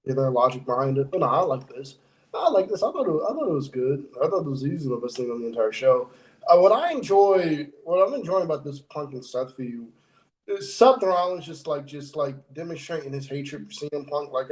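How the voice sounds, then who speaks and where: A man co-hosting a wrestling podcast, animated and quick to laugh, acting out what others say. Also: on the high side. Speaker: podcast co-host. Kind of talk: casual wrestling chat. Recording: roomy echo.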